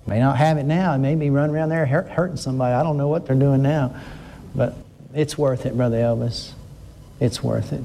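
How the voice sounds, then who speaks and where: An older man preaching a conversational sermon, earnest and emphatic, slowing down to stress his words. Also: medium pitch, steady tone, creaky, dark tone.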